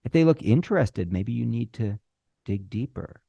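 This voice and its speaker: A middle-aged man teaches screenwriting in a lively, swooping voice with a gravelly edge. He leans on deliberate pauses and acts out little bits of dialogue. The sound is dry and close. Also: mid-range voice, no room sound. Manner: animated, uses deliberate pauses and acted-out dialogue. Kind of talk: instructional talk.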